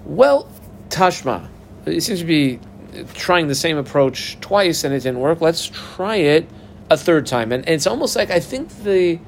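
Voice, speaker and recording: A man's voice: on the high side, very animated, a little slow, gravelly, slight background noise. A man teaching a Talmud lesson, walking through the text step by step and asking and answering his own questions. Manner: explains step by step, quotes Aramaic and Hebrew terms. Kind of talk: daf yomi Talmud lesson.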